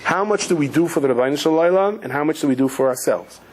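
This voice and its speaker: A man's voice: fast talker, slight background noise. A man, a rabbi giving a Torah class, telling stories with light humor and acting out quoted voices, mixing in Yiddish and Hebrew words. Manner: animated storyteller, acts out quoted voices with sudden high pitch.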